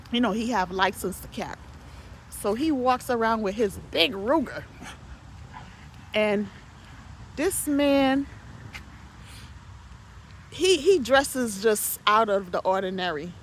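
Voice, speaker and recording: A woman's voice: a little high, lively intonation, slow pace, long pauses, a little hiss or hum. A woman casually telling neighborhood stories in a chatty, gossipy monologue, cursing now and then and excusing herself. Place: outdoors near parked vehicles.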